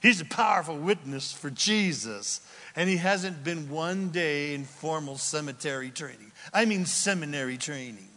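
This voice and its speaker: A man preaching a sermon, telling stories in an animated way and acting out the people in them. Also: on the high side, moderate pace, big-room sound. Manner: animated storytelling, acting out voices, laughing. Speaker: pastor.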